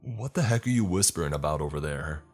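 A man voicing a rude, sulky husband who talks snidely and yells. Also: a bass voice, expressive, fast talker, faint music behind. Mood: yelling. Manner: snide, yelling. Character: surly, rude young husband, sulky and loud.

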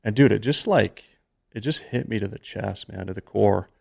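A man's voice: fairly low pitch, normal speed, gravelly, a little mellow, husky. A man in his thirties, a podcast guest, telling a personal story in an earnest, emotional, conversational way.

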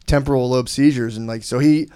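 A man's voice: mid-range voice, steady tone, fairly quick, mellow, clear, resonant tone. Rambling, profane man telling stories. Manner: rambling storyteller, swears a lot, laughs often. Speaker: podcast guest. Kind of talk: casual chat.

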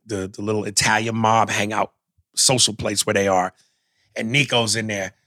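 A man in casual chat, animatedly recapping a TV show, with profanity and loud outbursts. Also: medium pitch.

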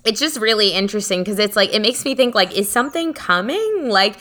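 Casting note: woman podcast co-host, bright tense tone, bubbly chatter, fond of "like". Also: mid-range voice, animated. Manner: bubbly, quick to laugh, lots of "like". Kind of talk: casual chat.

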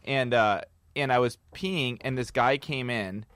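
A man co-hosting a podcast, telling crude stories in a casual, animated way. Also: mid-range voice, measured pace, dry recording. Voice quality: animated storyteller, laughs often. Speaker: podcast co-host.

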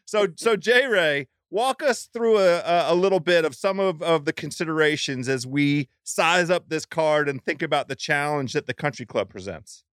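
A man hosts a casual podcast, rambling and cracking jokes between restarts. His voice is smooth and clear and sits a bit high. The sound is dry and close. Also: animated, moderate pace, hardly any pauses, a bit bright, dry recording. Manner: rambling, joking, many restarts. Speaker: podcast host.

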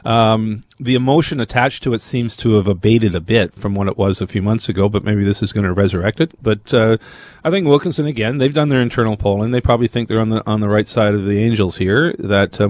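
A man's voice: on the low side, darkish tone, no echo. Analytical male political commentator, dry sound. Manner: measured, analytical, stops to restart words. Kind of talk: radio panel discussion.

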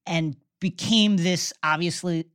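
Woman co-host, low voice, dry close sound, animated plot recap in casual chat. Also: slow, smooth, no echo. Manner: animated storytelling, many restarts. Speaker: podcast co-host recapping a film.

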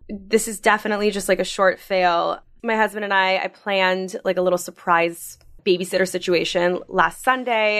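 A woman's voice: mid-range voice, a bit bright. A woman in her thirties co-hosting a casual podcast, telling stories in a chatty way full of "like" and acting out quoted lines. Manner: chatty storyteller, heavy use of "like", acts out quotes. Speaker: podcast co-host. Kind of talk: casual chat.

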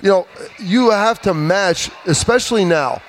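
A man in his thirties, a former player, telling stories in an animated, emphatic way during a casual sports chat. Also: high-pitched, unhurried.

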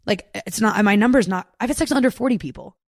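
A woman's voice: mid-range voice, fast talker, dry recording, clean studio sound. A young woman guest on a podcast, chatting casually, blunt and candid, with many filler words. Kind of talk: casual chat. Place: Los Angeles.

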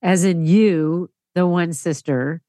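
A woman's voice: on the low side, slow, mellow, dry recording. A woman co-host chatting engagedly about a story she heard. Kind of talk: casual discussion.

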